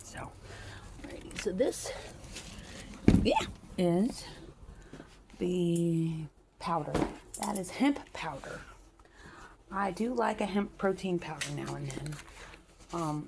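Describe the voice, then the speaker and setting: A woman vlogging as she walks home outdoors, talking frankly in a rambling way with many pauses and fillers, recorded on a phone. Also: sits low, noisy background. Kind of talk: casual rambling chat while walking.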